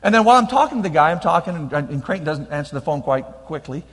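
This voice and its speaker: With a somewhat bright, high-leaning voice, a middle-aged pastor preaches in a fast, animated way. His sermon echoes with a large hall's long reverb as he shares a personal story, restarting often and emphatically repeating key lines.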